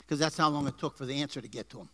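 A man preaching a sermon to a congregation, energetic, with rising emphasis and asides to the people in the pews. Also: mid-range voice, racing, a little hiss or hum. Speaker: pastor. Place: church before a congregation.

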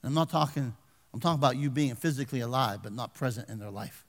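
An older man preaching a folksy sermon as pastor, swinging from loud exhortation to hushed asides and calling for amens. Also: mid-range voice, fast talker, creaky. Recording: long reverb of a large hall.

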